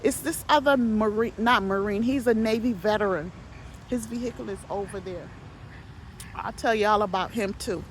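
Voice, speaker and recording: A woman's voice: medium pitch, moderate pace, a little hiss or hum. A woman casually telling neighborhood stories in a chatty, gossipy monologue, cursing now and then and excusing herself. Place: outdoors near parked vehicles.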